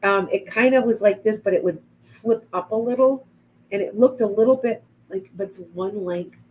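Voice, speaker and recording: A woman's voice: medium pitch, normal speed, a little mellow, a little hiss or hum, poor audio. A middle-aged woman giving rambling psychic readings on a live stream. She greets viewers by name as she goes. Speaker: psychic medium.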